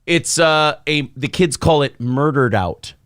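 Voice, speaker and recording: A man in his forties hosting a casual morning show, telling a long deadpan joke full of fillers and reading out chat comments. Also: a little high, unhurried, clean tone, no room sound, clean studio sound.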